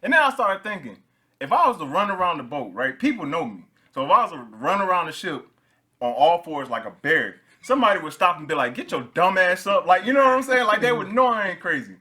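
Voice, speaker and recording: A young male podcast host with a bright, clear tone, chatting casually. He tells stories with rising energy and laughs as he goes. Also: high-pitched, fast. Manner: animated storyteller, laughs while telling stories.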